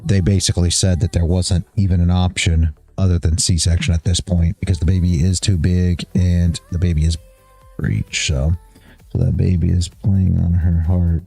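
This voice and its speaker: A man's voice: sits low, level tone, moderate pace, vocal fry, mellow, breathy edge, soft background music. A tired man hosting a trading livestream, chatting casually, rambling and chuckling as he loses his train of thought. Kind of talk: casual chat.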